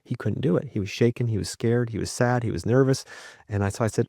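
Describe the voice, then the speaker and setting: A man who is a podcast guest and a father, telling candid stories in conversation. He is reflective, often checks in with "right?", and acts out the quotes in his stories with lively energy. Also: mid-range voice, fast, vocal fry, no echo, studio quality.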